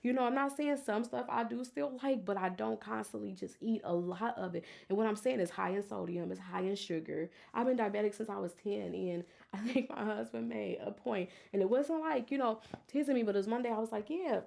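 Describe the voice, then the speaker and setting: A woman's voice: mid-range voice, a little fast, creaky, hardly any pauses, darkish tone. A woman hosting a personal faith podcast, talking earnestly and emotionally in a testifying way. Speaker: podcast host.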